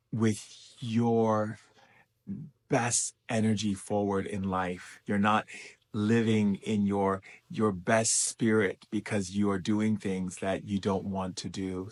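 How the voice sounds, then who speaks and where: Slow, soft-spoken man, gentle host. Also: low voice. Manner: gentle, affectionate, encouraging. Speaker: spiritual teacher hosting a livestream. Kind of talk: live-stream talk to viewers, reading chat.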